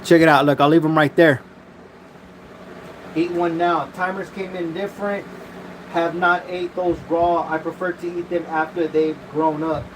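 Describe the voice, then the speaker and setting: Man, casual live-stream host, somewhat higher voice, loose cursing chatter over phone mic with faint background noise. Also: level tone, normal speed. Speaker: livestream host.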